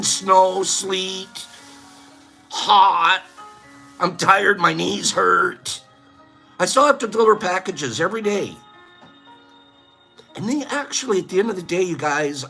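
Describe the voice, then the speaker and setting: High and creaky, the older man's voice carries a relaxed live-stream chat. He tells stories, laughing often and animatedly imitating the people involved.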